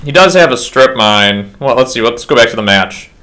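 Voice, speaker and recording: A man's voice: mid-range voice, animated, moderate pace, pushed and bright. A slightly tipsy man casually commentating his own card game match at home, rambling with self-deprecating asides.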